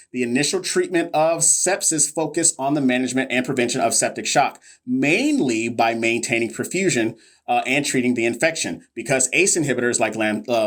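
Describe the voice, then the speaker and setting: A man hosting a live nursing exam review, joking with viewers and reading questions casually. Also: medium pitch. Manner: playful, joking, talks straight to viewers. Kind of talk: casual livestream teaching.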